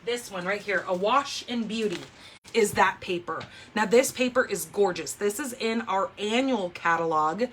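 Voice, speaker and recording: A woman hosting a live card-making session from her craft table at home, chatting in an animated way and often saying "like" and "oh my gosh". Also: medium pitch, normal speed, slight background noise. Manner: chatty, animated storyteller, says "oh my gosh" and "like" a lot. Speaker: papercraft livestream host. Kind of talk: casual chat while demonstrating card making.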